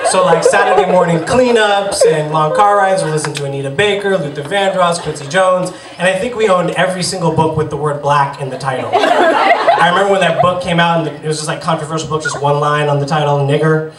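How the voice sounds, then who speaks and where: Brisk and a little high-voiced, a Boston-area man in his thirties performs a self-deprecating, wry personal story for a live audience on a bar stage. The recording is noisy and echoey, captured far from the mic.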